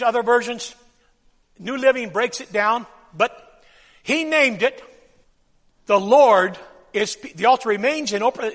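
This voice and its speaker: A male pastor preaching in a church sanctuary, his very high, bright voice ringing with a long hall reverb. He swings between loud bursts and hushed, quiet lines. He has the congregation repeat key phrases after him. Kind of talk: sermon.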